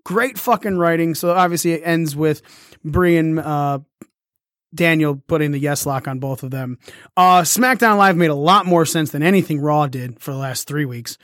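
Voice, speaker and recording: A man hosting a casual wrestling recap, talking excitedly, swearing freely and acting out the lines he quotes. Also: fairly high pitch, normal speed, no room sound, studio quality. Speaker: wrestling podcast host.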